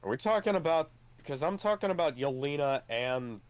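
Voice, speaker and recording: A man's voice: on the high side, lively intonation, normal speed, smooth. A man in casual let's-play chat, laid-back and riffing along with his co-host.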